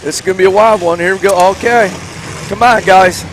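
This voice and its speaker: A man commenting live on a demolition derby in an excitable, stumbling way. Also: high-pitched, brisk. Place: outdoor demolition derby track. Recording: loud engine and crowd noise outdoors.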